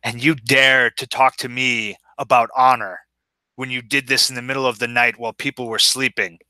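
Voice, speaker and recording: A man's voice: medium pitch, flat delivery, moderate pace, sharp tone, smooth, no echo. A man playing a stern, righteous landowner. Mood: accusing. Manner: righteous, accusing speech. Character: stern young landowner defending his home.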